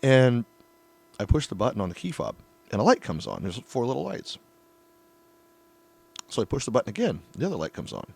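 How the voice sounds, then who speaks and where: A middle-aged man telling a long, crude story in casual chat, swearing freely and getting animated. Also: mid-range voice, a little fast, vocal fry, pauses often, husky.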